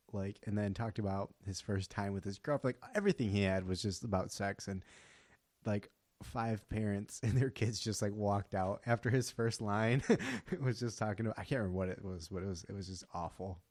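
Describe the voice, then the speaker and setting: A man's voice: lowish voice, moderate pace, dry recording. A young man in his twenties, a comedian guest chatting casually on a podcast recorded in a house, telling stories with lots of laughter and "like" fillers. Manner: animated storyteller, laughs often, heavy "like" fillers.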